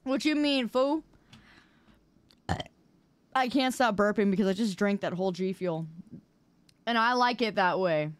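A woman's voice: mid-range voice, a little slow, long pauses, clear, resonant tone, no room sound. A woman streamer chatting casually with her viewers while gaming, playful and mock-indignant as she answers chat. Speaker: live streamer.

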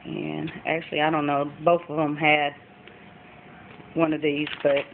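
In a flat, deep voice with vocal fry, a woman moves at a measured pace through her thrift finds, peppering the chat with ums. She's a mom filming a casual show-and-tell vlog at home, captured on what sounds like a phone with faint noise behind her.

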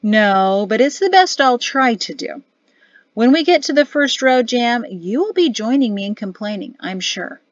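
A woman's voice: fairly high pitch, lively intonation, normal speed, no echo, dull audio, pitched above the performer's own voice, lightly acted. A woman reading an audiobook, voicing a grumbling middle-aged army officer father with a sulky, sardonic manner.

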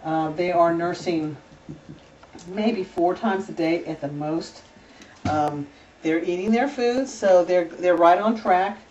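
A woman's voice: on the low side, takes it slowly, a little mellow, a little hiss or hum. A woman breeder giving a casual home video tour, talking in a chatty, doting way with many fillers. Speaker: dog breeder. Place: indoors at home with puppies. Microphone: camera held by a helper. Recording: slightly distant, dull camera audio.

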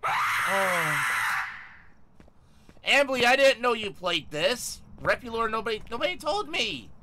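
A young man streaming a game live, excitable and loud, yelling and swearing at his chat. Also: extremely high pitch, slow pace, slight background noise.

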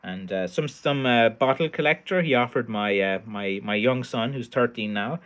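A stick maker from Ireland, middle-aged, talks casually on his livestream in a tired, rambling way full of fillers and false starts. His voice is medium in pitch and a bit bright, and he keeps a moderate pace.

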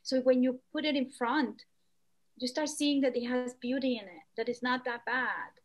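A woman artist talking as a podcast guest, lively, acting out quoted voices. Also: normal speed. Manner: animated, acts out quoted voices with pitch jumps. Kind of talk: conversational podcast interview.

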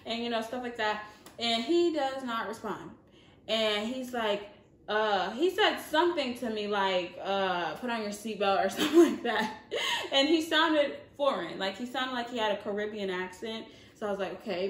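A young woman vlogger with a Southern American accent and a slightly high voice tells an animated, casual storytime, laughing and using lots of filler words. The room sounds echoey.

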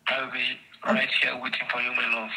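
A man talks in a very bright, sharp tone over a phone call. His pitch sits mid-range for a man. He speaks in terse, broken phrases. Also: completely flat delivery, fairly quick. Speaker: scammer on a call. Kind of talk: phone conversation.

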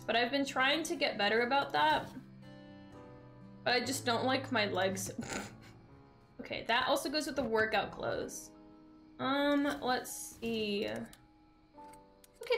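A young adult woman streaming a game, chatting excitedly with her viewers as she plays. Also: high-pitched. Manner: bubbly, excitable, talks to chat while playing. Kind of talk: casual gaming stream chat.

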